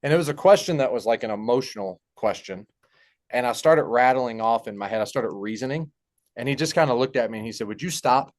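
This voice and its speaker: A young man telling a personal story in a halting, heartfelt way, with many fillers and restarts. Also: medium pitch, animated. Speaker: podcast guest. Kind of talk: personal story in casual conversation.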